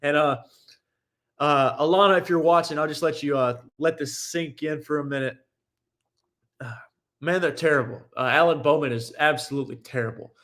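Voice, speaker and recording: A man's voice: fairly high pitch, moderate pace, fairly bright tone. A young man hosting a sports talk show, giving casual, opinionated and rambling commentary with frequent restarts.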